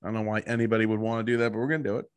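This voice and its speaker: A man's voice: on the low side, flat delivery, rapid-fire, clean tone. A man co-hosting a sports podcast, talking bluntly and laid-back, saying he is tired. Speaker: podcast co-host. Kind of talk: casual sports chat.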